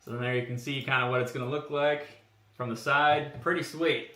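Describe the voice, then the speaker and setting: Bright-voiced man, roomy and off-mic. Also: medium pitch, fairly quick, far from the mic. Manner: relaxed, rambling, thinks aloud with fillers. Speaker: streamer showing car body kit designs. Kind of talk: casual live-stream commentary. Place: home workshop room.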